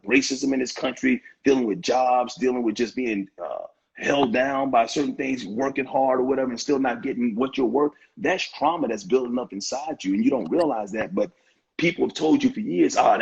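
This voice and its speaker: Very raspy, gravelly man in his fifties. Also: medium pitch, a little mellow, highs cut off. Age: 50s. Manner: emphatic and heartfelt, with frequent restarts and repeated phrases. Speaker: interview guest, author. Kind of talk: earnest conversational interview talk. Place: online live-stream interview.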